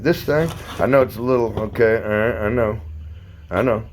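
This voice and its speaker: A man's voice: lowish voice, moderate pace, a little hiss or hum. A man, a roofer and hobby car builder, rambling and cursing through a casual workshop vlog from his garage, filmed on a phone. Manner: rambling, profane, frustrated. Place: home garage.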